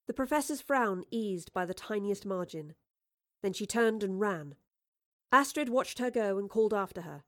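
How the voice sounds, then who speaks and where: A woman narrating a fantasy audiobook in a measured storytelling manner. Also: mid-range voice, no echo, studio quality. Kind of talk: scripted narration.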